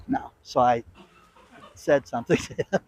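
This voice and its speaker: A man's voice: mid-range voice, low-quality recording. A man in a played social media clip, telling a story in a preachy, lecturing tone.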